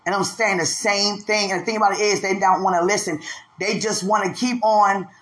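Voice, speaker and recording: A speaker in a casual faith-filled monologue who laughs often, teases and keeps asking whether the listener understands, and who acts out quoted voices in a raised pitch. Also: fairly even intonation, a little fast, fairly bright tone, rough recording. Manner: laughs often, teasing, repeats "you understand?".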